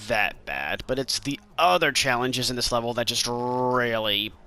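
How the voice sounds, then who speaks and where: Speaking a little slowly, the same Maine man voices lighthearted commentary as he plays, addressing the on-screen characters directly. His medium-pitched voice is expressive, clear and resonant, with a sharp tone.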